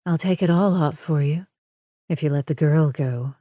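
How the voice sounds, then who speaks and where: A woman reads as a tough undercover agent who speaks firmly and stands her ground. Her voice is low and dark, in dry audiobook narration. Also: normal speed, no echo. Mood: defiant. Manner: firm, defiant.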